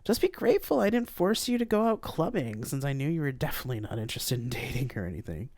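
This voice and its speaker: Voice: medium pitch, sing-song, fast talker, a little mellow, no echo, voice pushed up. The reader voicing a tipsy, blunt young woman who teases her old friend in a live-read audiobook. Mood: teasing.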